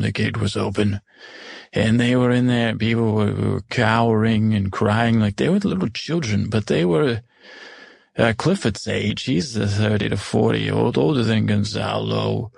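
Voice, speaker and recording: A man voicing an older stepmother who was cruel in the past, recounting her adventures in a gravelly, husky voice. She rambles and stumbles, correcting herself mid-sentence in an improvised comedy. The sound is dry and close. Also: fairly low pitch, a little mellow, no room sound, exaggerated voice. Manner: rambling, halting and self-correcting. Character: Agatha, older stepmother, once cruel, now remorseful. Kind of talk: improvised first-person storytelling.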